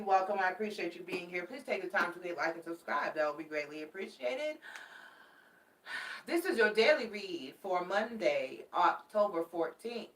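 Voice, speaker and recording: A woman's voice: fairly low pitch, far from the mic, a little hiss or hum. Affectionate woman tarot reader, echoey room. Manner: chatty and affectionate, calls viewers babies; emphatic, repeats warnings. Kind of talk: casual tarot reading to camera. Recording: echoey room, mic set back.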